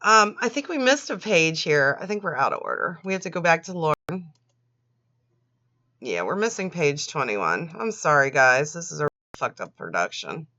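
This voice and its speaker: A woman's voice: low-pitched, very animated, normal speed, pushed and bright. A woman reading a children's storybook aloud with sarcastic, swearing commentary, laughing often. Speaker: channel host reading a storybook. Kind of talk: mocking read-aloud of a children's book with commentary. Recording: dull lo-fi recording.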